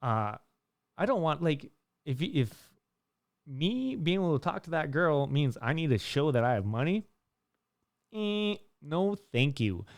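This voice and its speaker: A man's voice: a little slow, pauses often, no echo, studio quality. A young man talking casually to camera, rambling with restarts and fillers and lifting his voice to act out stories. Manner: lively storyteller, pitch jumping up when acting out dialogue. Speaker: vlogger giving life advice. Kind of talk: casual monologue.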